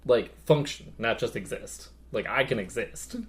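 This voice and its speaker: A man's voice: medium pitch, measured pace, a little hiss or hum. A man co-hosting a podcast, chatting casually and rambling with many fillers about his hobby. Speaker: podcast co-host.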